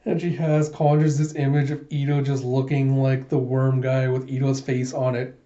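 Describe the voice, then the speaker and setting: A man casually reading through a comic, retelling each scene in a relaxed way with fillers. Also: mid-range voice, normal speed. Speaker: reader of a manga readthrough. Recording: dull lo-fi recording.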